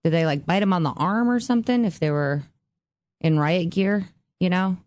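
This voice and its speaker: A woman's voice: lowish voice, moderate pace, a little mellow. A woman co-hosting a radio morning show, chatting playfully and laughing easily. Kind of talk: casual radio banter.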